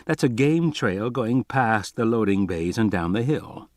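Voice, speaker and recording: Man voicing a detached mathematician, quiet, measured, explanatory, audiobook. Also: fairly low pitch, expressive, no echo, studio quality. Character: calm, detached male mathematician.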